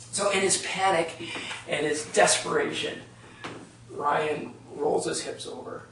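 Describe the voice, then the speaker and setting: A man with a slightly high, gravelly voice tells a story to a live audience in an easy, conversational way. He is heard from some distance in an echoey room, with faint room ambience behind him. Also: fairly bright tone, slight background noise. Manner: conversational, frequent "right?" checks with audience. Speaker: workshop leader. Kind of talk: storytelling workshop talk. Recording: echoey room, speaker off-mic.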